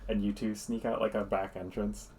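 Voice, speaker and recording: Low-voiced man rambling as game master. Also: flat delivery, moderate pace, mellow. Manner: loose, rambling narration with many fillers. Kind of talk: narrating a tabletop game.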